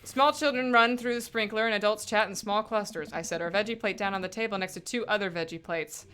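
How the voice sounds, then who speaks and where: A woman's voice: mid-range voice, fairly quick, fairly bright tone, clear, resonant tone. A woman streamer reading a dating game aloud in a playful, giggly way.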